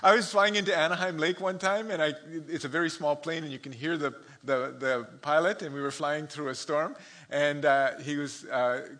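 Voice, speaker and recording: A man's voice: fairly high pitch, fairly even intonation, normal speed, fairly bright tone. A man preaching as a pastor, opening with a prayer and telling humorous anecdotes, often chuckling at his own stories. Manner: chuckles often, storytelling asides.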